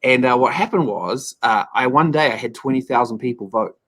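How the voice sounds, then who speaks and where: A man's voice: medium pitch, fairly quick, a bit bright, husky. A man in his thirties with a New Zealand accent, chatting as an upbeat, joking guest on an interview show. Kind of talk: casual interview chat.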